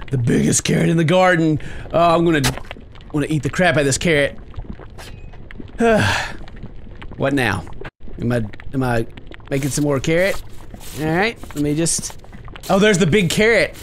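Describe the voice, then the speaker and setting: A man commenting on a game as he plays it, his pitch leaping all over the place. He turns excitable and breaks into high yelps and shouts when something startles him. A faint hiss sits under the home recording. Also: normal speed. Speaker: gaming video host.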